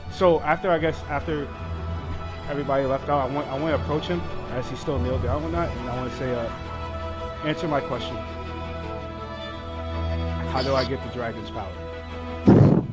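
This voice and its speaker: Soft-spoken, mumbling man player. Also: mid-range voice, steady tone, moderate pace, long pauses, over loud music. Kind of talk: casual tabletop game chat.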